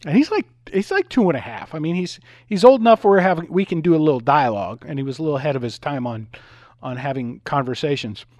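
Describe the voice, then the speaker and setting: Animated male talk radio host. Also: a little high, quick pace, no echo. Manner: animated, acts out voices in anecdotes. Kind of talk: talk radio monologue with storytelling.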